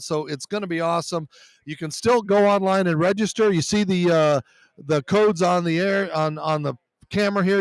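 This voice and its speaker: A man's voice: sits high, no echo. A man hosting a live sports talk show from a media row, tired and losing his voice, chatting loosely through sponsor plugs with fillers. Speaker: show host. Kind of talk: live radio show sign-off with sponsor reads.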